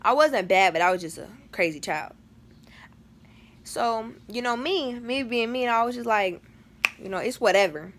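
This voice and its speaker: A woman's voice: fairly high pitch, expressive, moderate pace, a little hiss or hum. A teenage girl telling a storytime vlog in a chatty, dramatic way, full of slang and fillers. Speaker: vlogger.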